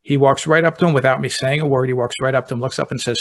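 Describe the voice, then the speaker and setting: A middle-aged man, a deputy fire chief, hosting a podcast and telling a personal story in a relaxed, conversational way. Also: mid-range voice, racing. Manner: relaxed, talks through anecdotes step by step.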